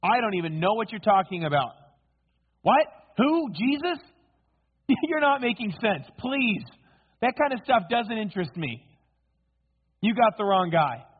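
A man's voice: high-pitched, sing-song, unhurried, pauses often, breathy edge, in a large hall, voice pushed up, heavily acted. A man voicing a frightened male disciple, protesting in flustered, dismissive bursts. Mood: flustered denial. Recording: tinny phone-like sound.

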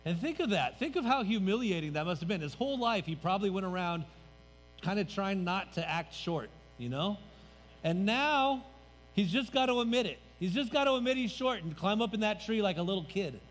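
A man's voice: high voice, animated, fairly quick. A man pastor preaching a sermon in a church sanctuary, conversational and emphatic, letting his voice drop at the ends of phrases. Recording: reverberant hall, faint music.

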